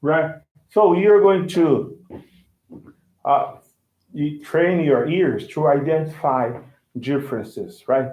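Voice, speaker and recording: Slow, with long pauses, a man with a darkish voice on the high side gives a casual online English lesson. He models pronunciation by repeating words and checks his student's understanding, all in roomy, dull, lo-fi audio.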